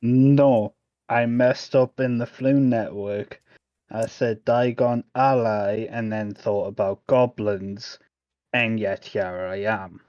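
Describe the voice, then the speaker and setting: A man's voice: lowish voice, fairly even intonation, slow pace, a little mellow, dry recording. A man playing a character in a tabletop game, speaking sheepishly and hesitantly. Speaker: player. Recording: dull, dry lo-fi mic.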